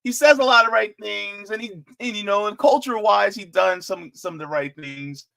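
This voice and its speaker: A man hosting casual political commentary in an animated, joking way, with chatty asides. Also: high voice, moderate pace, vocal fry.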